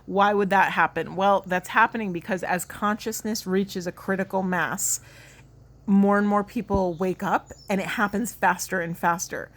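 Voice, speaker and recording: A woman's voice: medium pitch, steady tone, moderate pace, fairly bright tone. Earnest woman giving a spiritual card reading. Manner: earnest, rambling, emotional. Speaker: tarot card reader.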